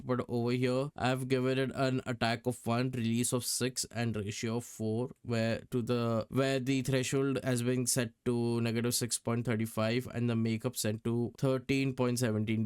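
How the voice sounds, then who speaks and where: A man's voice: mid-range voice, clear, resonant tone, dry recording, studio quality. Man explaining music production with emphatic repeats. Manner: casual, repeats words for emphasis. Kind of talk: tutorial breakdown.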